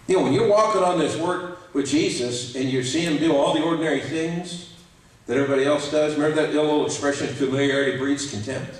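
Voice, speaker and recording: A man preaching a sermon as pastor, animated and acting out quoted voices. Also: a little high, fast. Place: church sanctuary. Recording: echoey church hall, mic at a distance.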